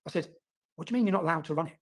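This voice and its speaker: A man telling his own story, fast and emphatic, often repeating words and asking "yeah?". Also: on the high side, gravelly. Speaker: interviewee in played clip. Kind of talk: animated personal storytelling.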